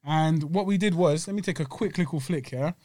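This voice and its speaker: A chatty man co-hosts a podcast, talking over a meal. His voice sits a little high, and he rambles in loose slang with plenty of restarts. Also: brisk, dark tone, a little hiss or hum. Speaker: podcast co-host. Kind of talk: casual chat while eating.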